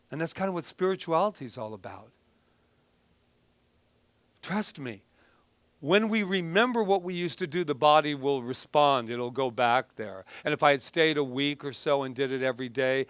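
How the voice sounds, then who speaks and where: A middle-aged minister delivers a casual, conversational sermon, sharing personal stories in a chatty, self-deprecating manner and often restarting his sentences. His male voice sits on the high side, a bit bright, with no echo.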